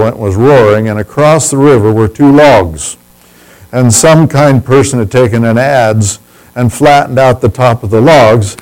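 A man's voice: mid-range voice, darkish tone, poor audio. A man telling a personal story in a folksy, humorous, teasing way.

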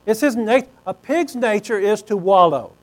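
A man's voice: high voice, animated, normal speed, rough recording. A man preaching a sermon in a folksy, conversational storytelling way.

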